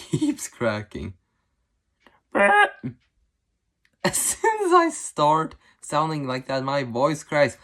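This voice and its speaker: Brief: woman vlog host, casual and giggly, slow unhurried delivery with a lively, swooping pitch. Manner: giggly, playfully trying out odd voices. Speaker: channel host. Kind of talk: casual solo vlog chat.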